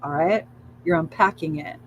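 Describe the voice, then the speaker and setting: A woman leads her live spiritual session in a calm, coaxing voice, repeating soft affirmations in a steady chant. She drops casual curses into the guidance. A faint hum sits under the recording. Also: low voice, normal speed, dull audio. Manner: soothing, repetitive affirmations with swearing and laughter. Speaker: spiritual livestream host.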